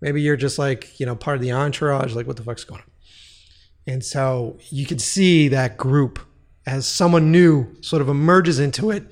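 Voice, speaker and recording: A man's voice: medium pitch, moderate pace. A man telling a long casual story, profane and rambling, with frequent restarts.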